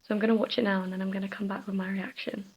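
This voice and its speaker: A young woman chatting casually in a vlog, soft, giggly and confiding. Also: mid-range voice, little pitch movement, racing, husky, dull audio. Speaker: vlogger.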